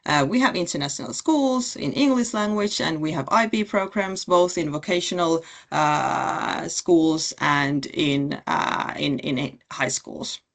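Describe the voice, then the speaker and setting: A woman giving a city pitch in a webinar, halting with frequent fillers and restarts. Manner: hesitant, many fillers and restarts. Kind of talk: presentation pitch.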